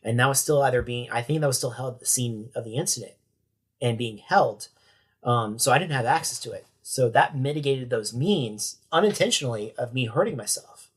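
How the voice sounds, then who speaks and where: A young adult man speaks at a middle pitch, recounting his own hard experience as a guest on a podcast. He talks candidly and with emotion. He often stops and starts his sentences over. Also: brisk, breathy edge. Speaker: sheriff's corporal and podcast guest. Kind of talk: personal account in a podcast interview.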